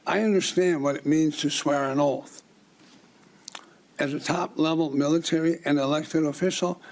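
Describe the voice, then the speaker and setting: An older man gives prepared testimony before a committee. His voice sits a bit high and carries a gravelly edge. He delivers it in a declamatory, accusatory way. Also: rough recording. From Minnesota. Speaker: public testifier.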